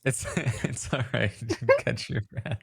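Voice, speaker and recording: A man's voice: medium pitch, wildly swooping pitch, slow pace, creaky, husky. A man playing in an online game who teases the others and laughs between words. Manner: teasing, laughs while talking. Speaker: game player. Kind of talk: casual voice chat.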